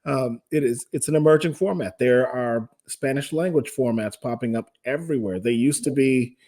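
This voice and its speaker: A man from the US Midwest speaks in a mid-pitched, even voice. As a radio sales director, he explains the business in a measured, informative manner. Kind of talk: interview conversation.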